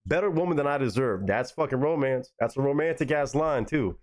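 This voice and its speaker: A young man hosting a live music reaction stream, talking excitably, swearing freely and repeating lines in disbelief. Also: mid-range voice, brisk.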